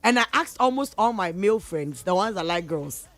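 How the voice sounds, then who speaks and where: Soft music plays in the background as this Ghanaian-accented radio host talks animatedly at a normal speed, her pitch in the medium range. She switches between English and Twi in easygoing studio chatter, doing playful impressions of her friends. There's no echo on the recording.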